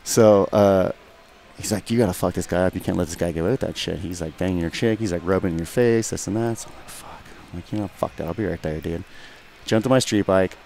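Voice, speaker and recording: Young guy, really low voice, talks fast and swears a lot telling a bar story, keeps going "you know what i mean". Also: gravelly, darkish tone, slight background noise. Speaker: guest fighter. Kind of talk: casual storytelling.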